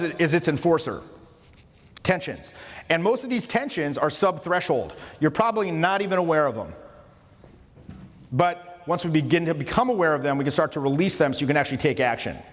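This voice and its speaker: A man's voice: fairly high pitch, big pitch swings, fairly quick. A man coaching social skills in a casual lecture, emphatic and informal, often restarting his phrases. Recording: long reverberant room sound.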